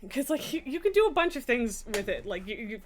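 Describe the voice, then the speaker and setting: A woman's voice: fairly high pitch, big pitch swings, brisk, slight background noise. A woman live streamer chatting casually from her home streaming room, laughing often, swearing and scolding her cats.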